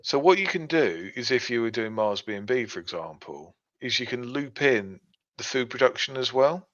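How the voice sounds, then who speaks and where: A man's voice: medium pitch, lively intonation, moderate pace, fairly bright tone. Guy explaining stuff with lots of ums, kinda dull lo-fi recording. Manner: explains step by step, many fillers. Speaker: podcast co-host. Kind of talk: casual explanatory chat. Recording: dull lo-fi sound.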